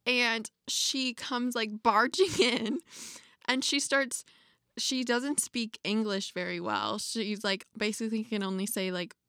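A woman's voice: fairly high pitch, takes it slowly, sharp tone, no room sound, clean studio sound. A young woman, telling travel stories in a casual chat and laughing between phrases. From Canada. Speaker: podcast co-host.

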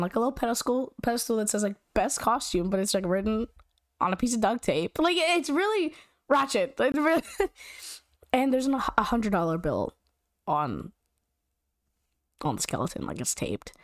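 A young woman telling a story in casual, animated chat, slangy and giggly with lots of "like". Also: fairly high pitch, normal speed, no echo, clean studio sound.

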